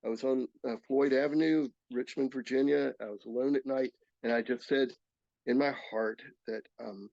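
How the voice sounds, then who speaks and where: Older man, 60s, personal testimony talk; gravelly, earnest, stops and restarts; dry, slightly muffled sound. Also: medium pitch, fairly even intonation, darkish tone, no echo. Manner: earnest, halting storytelling with restarts. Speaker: speaker sharing his recovery story. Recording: slightly dull, dry recording.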